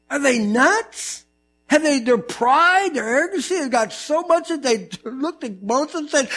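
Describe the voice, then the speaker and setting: A man preaching with an animated, joking delivery, slipping into funny voices to act out the stories. His voice sits high for a man. A low mains hum runs under the recording. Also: normal speed. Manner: animated storytelling, mimics voices, jokes. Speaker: pastor. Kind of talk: sermon.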